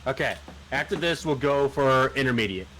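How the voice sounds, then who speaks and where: Man, bright voice, mid pitch, faint hum, instructive, repeats himself, gaming chat. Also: lively intonation, moderate pace. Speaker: gamer guiding a friend.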